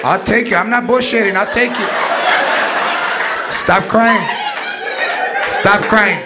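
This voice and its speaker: A man's voice: sits high, takes it slowly, very noisy. A man impersonating a strict, threatening Mexican mother who scolds her son, mixing in Spanish words, in a stand-up set. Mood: angry threatening. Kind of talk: stand-up impression. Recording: live club with loud crowd. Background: loud audience laughter.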